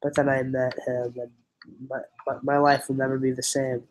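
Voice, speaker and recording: A man's voice: mid-range voice, little pitch movement, moderate pace, poor audio. A young man hosting a casual livestream chat, rambling and giggly, often restarting his sentences. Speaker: livestream host.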